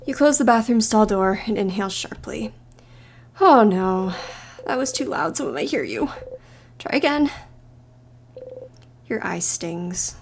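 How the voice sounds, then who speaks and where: A woman streamer narrating a game playthrough aloud in an expressive way, shifting between hushed and loud. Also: medium pitch, unhurried, vocal fry, long pauses, a little hiss or hum.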